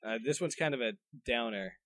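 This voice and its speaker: A man's voice: mid-range voice, animated, fairly quick, fairly bright tone. A man co-hosting a casual comedy podcast, reading out odd news stories and stumbling over his notes.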